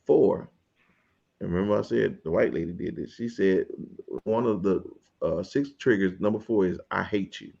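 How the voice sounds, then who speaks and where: Male host, low gravelly voice, relaxed and chuckling, dull lo-fi audio. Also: moderate pace. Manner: laid-back, chuckling, steering the discussion. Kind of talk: casual panel talk show.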